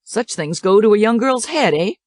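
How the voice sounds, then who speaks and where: A woman reading the part of a kindly older male school director who counsels and teases gently. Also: lowish voice, animated, moderate pace, no echo, studio quality, lightly acted. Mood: gentle. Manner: gentle, counseling, lightly teasing.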